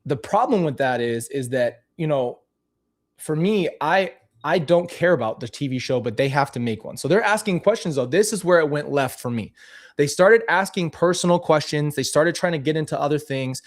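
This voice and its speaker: A man's voice: a little high, animated, normal speed. A man talking casually and candidly to camera as a vlogger, commenting on old clips of himself with frequent restarts.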